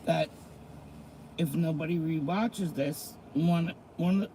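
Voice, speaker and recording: A middle-aged man hosts a casual livestream in a slightly high, mellow voice. He talks slowly and easily, greets viewers by name and reads slang definitions aloud. Faint noise sits under his voice. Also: low-quality recording. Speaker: livestream host.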